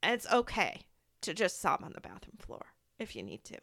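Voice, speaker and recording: A woman's voice: lowish voice, huge pitch swings, normal speed, vocal fry, sharp tone. A woman who works in medicine, hosting a candid conversation about grief, telling stories with heartfelt feeling and acting out what others said. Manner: heartfelt, storytelling, acts out quoted voices. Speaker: medical provider.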